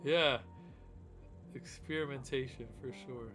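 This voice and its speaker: A man's voice: mid-range voice, steady tone, a little slow, music in the background. A man hosting a casual live stream, rambling with lots of fillers and restarts. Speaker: host.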